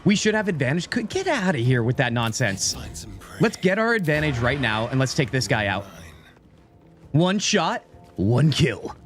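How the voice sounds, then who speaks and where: Lively, upbeat male game streamer. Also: a little high, moderate pace, soft background music. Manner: playful, chatty, talks straight to his chat. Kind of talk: live-stream gameplay commentary.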